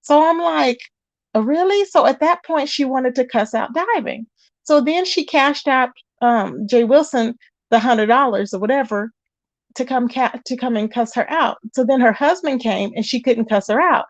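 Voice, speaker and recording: A woman's voice: high-pitched, normal speed, no echo, lo-fi sound. A woman hosting a casual livestream, chatting with viewers and calling them child and babe. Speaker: livestream host.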